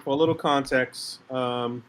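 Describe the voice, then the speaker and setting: A man's voice: mid-range voice, fairly even intonation, unhurried, fairly bright tone. A man co-hosting a podcast in casual chat, laid-back and peppering his talk with "man" and "bro". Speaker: podcast co-host. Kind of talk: casual chat about toys and movies.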